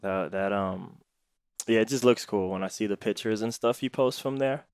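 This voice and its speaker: A man's voice: fairly low pitch, moderate pace, clear, resonant tone, no room sound, clean studio sound. A man hosting a podcast who asks questions in a laid-back, casual way and laughs along with his guest. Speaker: podcast host. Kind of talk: casual interview chat.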